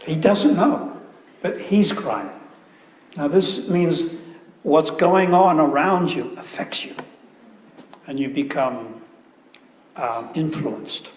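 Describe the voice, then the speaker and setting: Speaking slowly with long pauses, an animated man with a fairly high pitch delivers a sermon as a visiting guru in a temple hall. He tells anecdotes in a chatty way with joking asides, and the recording carries echo and faint room ambience.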